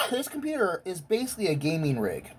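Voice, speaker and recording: A woman's voice: mid-range voice, huge pitch swings, normal speed, heavy background noise. A woman giving a blunt, profane, emotionally intense rant as a vlogger. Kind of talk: profane ranting monologue.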